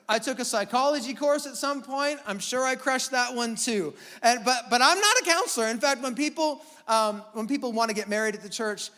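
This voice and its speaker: High, bright-voiced man preaching in a church. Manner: animated storytelling with self-deprecating humor. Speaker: pastor. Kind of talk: conversational sermon. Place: church sanctuary. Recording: long hall reverb.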